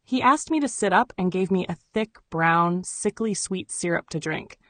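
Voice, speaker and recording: A woman reading memoir narration in an even, measured way. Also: on the low side, no room sound. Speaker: audiobook narrator.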